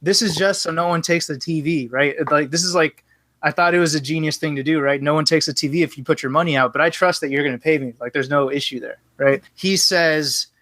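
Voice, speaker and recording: A man's voice: on the high side, fairly quick, dry recording. A man on a podcast, casually telling a long story and acting out both sides of the dialogue. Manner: animated, acts out both sides of quoted dialogue. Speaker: podcast guest.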